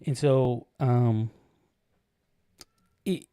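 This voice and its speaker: A man's voice: mid-range voice, drawn-out words, dark tone, smooth, no room sound. Rambling man telling a story, dry mic. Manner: rambling, many restarts and "like" fillers. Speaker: podcast co-host. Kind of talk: casual storytelling. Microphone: podcast microphone.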